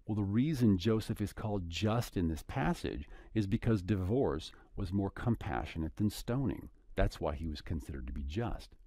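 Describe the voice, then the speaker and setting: A man's voice: sits low, dark tone, no echo. A man teaching scripture in an earnest, conversational way, paraphrasing passages in everyday words. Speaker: Bible teacher.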